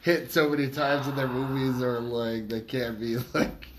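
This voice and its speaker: A man's voice: mid-range voice, little pitch movement, measured pace, background noise. A man co-hosting a casual podcast, laughing often and sarcastically mocking a movie with character impressions. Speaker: podcast co-host. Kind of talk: casual movie-rant chat.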